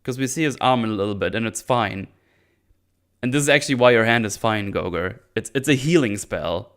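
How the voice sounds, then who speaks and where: A man's voice: on the low side, a little fast, fairly bright tone, clear, resonant tone. A man hosting his own show, recapping a TV episode in casual commentary, sarcastic and swearing often.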